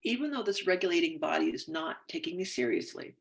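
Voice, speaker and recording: A woman coach leading a guided tapping session, speaking slow, measured phrases for the listener to repeat. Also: fairly low pitch, sing-song, gravelly.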